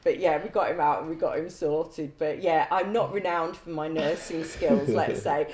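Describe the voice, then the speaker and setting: A woman's voice: low voice, steady tone, normal speed, a little mellow, slight background noise. Blunt woman with a roomy echo. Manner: blunt, swears freely, laughs through anecdotes. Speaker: former prison governor. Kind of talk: storytelling in conversation.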